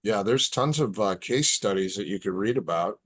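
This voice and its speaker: A man's voice: lowish voice, moderate pace, husky. A man in casual podcast chat, telling stories and acting out the dialogue. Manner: relaxed storyteller, acts out quoted dialogue. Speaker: podcast guest.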